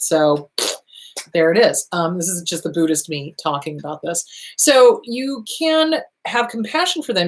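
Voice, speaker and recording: A woman hosting an advice talk, answering viewer questions bluntly and emphatically, repeating her points and swearing freely, her voice starting to tire. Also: fairly low pitch.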